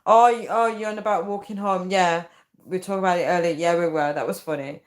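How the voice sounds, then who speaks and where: A woman's voice: fairly low pitch, steady tone, fast. A woman in her thirties, tired and chatty, reading out comments on a casual live stream. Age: 30s. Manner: chatty and giggly, often breaking into laughter. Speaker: livestream host.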